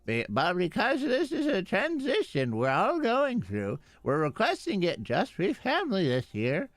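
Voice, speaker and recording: A man voicing a sweet old grandmother who guilt-trips gently and apologizes in a falsely syrupy way. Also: sits high, huge pitch swings, a little slow, no echo, pitched above the performer's own voice, heavily acted. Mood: sugary.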